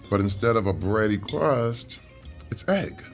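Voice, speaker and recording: A man's voice: on the low side, lively intonation, unhurried, faint music behind. Earnest middle-aged man telling stories. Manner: earnest, reflective storyteller, chuckling at times. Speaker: interview guest. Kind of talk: casual conversation over a meal.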